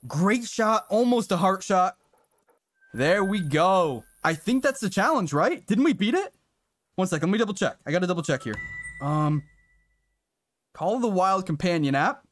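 A man streaming a hunting game, chatting casually and excitably with viewers and swearing now and then. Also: high voice, moderate pace, pauses often, slight background noise. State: briefly out of breath. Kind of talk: casual live-stream commentary.

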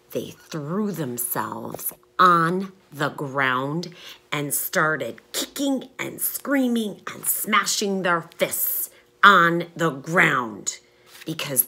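A woman teaching young children through short stories, asking them questions and pausing for their answers. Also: low-pitched, pushed and bright, slightly rough. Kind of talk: storytelling lesson for young children.

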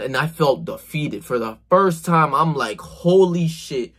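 A man vlogging, telling a casual, animated story full of slang and swearing. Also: mid-range voice, breathy edge.

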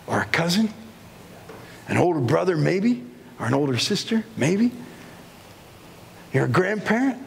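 A man's voice: on the high side, vocal fry, fairly bright tone, long reverb tail, slight background noise. A man who is a pastor preaching a sermon in a church sanctuary, telling stories and acting out little scenes as he goes.

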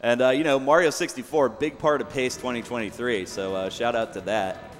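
A young man casually explaining his own speedrun as he plays, relaxed and full of fillers. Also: medium pitch, a little fast, soft background music. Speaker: speedrunner commentating his run. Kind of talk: casual live commentary. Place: event venue. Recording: long hall reverb, faint background noise.

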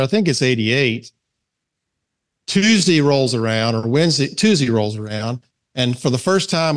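A man leading a men's Bible study, telling a story with animation and then praying slowly. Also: mid-range voice. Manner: animated storyteller, slows down to pray. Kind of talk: storytelling talk and closing prayer.

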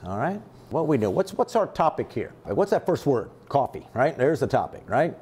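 A man's voice: mid-range voice, moderate pace, husky. A middle-aged man teaching a test-prep lesson, explaining step by step and checking in with his listeners again and again. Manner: lively, rhetorical, constant "right?" check-ins. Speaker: high school math teacher.

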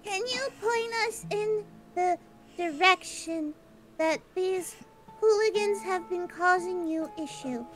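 A woman's voice: very high-pitched, slow, music in the background. A woman playing a polite, formal adventurer.

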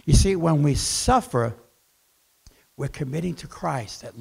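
Male pastor preaching, high gravelly voice, jumps from shouts to near whispers. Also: big pitch swings, moderate pace. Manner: preaching with sudden swings between loud outbursts and hushed asides; acts out voices in quoted dialogue. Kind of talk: sermon. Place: church.

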